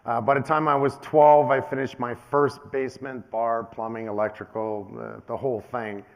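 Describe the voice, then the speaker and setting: A man in his fifties giving a keynote speech, telling personal stories in an animated way and acting out what other people said. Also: mid-range voice, moderate pace. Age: 50s. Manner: animated storyteller, acts out quoted voices. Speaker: keynote speaker.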